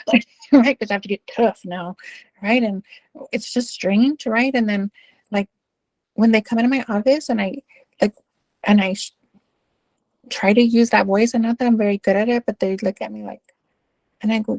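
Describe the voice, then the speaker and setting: A middle-aged woman with a Texan accent talks through school stories in an interview. Her voice is warm and gravelly, and she leans on fillers and "right?" tags. The sound is close and dry, with no room echo. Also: on the high side, normal speed, pauses often. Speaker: school administrator. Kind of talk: interview answer, casual storytelling.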